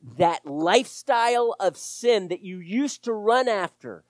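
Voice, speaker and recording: Male pastor, animated sermon delivery, very expressive pitch, dry recording. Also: unhurried, hardly any pauses, no room sound. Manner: animated preaching, rising and falling loudness.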